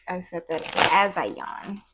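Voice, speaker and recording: A woman's voice: lowish voice, sing-song, slow, heavy background noise. A woman giving a casual tarot reading in a chatty, playful way, full of slang and asides. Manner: acts out little quoted voices in between. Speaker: tarot card reader.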